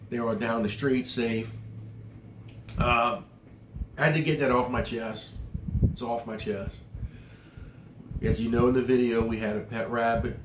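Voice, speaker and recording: Middle-aged male vlogger, earnest and emotional, echoey room with noise behind. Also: mid-range voice. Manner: earnest, emotional, rambling with fillers. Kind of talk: casual storytelling vlog.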